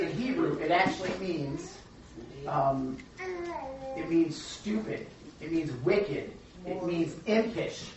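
A woman's voice: sits low, recorded from a distance, a little hiss or hum. Woman teaching from across an echoey room. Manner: animated storytelling, chatty. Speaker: Bible study teacher. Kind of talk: casual teaching. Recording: echoey room from afar, dull.

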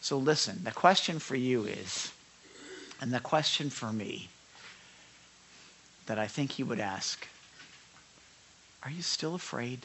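A man preaching a sermon in an animated way, dropping into quiet asides and then rising to act out the voices in the story. His voice is bright and forward. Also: mid-range voice, takes it slowly, long pauses, slight background noise, poor audio. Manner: animated, acts out quotes of Jesus and disciples; conversational asides, self-corrections. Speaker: pastor.

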